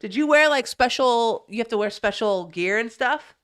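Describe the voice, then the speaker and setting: A woman's voice: a little high, animated, moderate pace, fairly bright tone, clean tone, dry recording, clean studio sound. A young woman from New Jersey chatting casually on a live stream, swearing freely and reacting to chat. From New Jersey, USA. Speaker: streamer reading the news.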